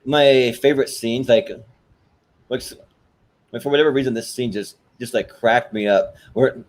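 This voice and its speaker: A man's voice: medium pitch, normal speed. A man co-hosting a casual podcast, rambling through scene retellings with lots of restarts and "like". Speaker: co-host.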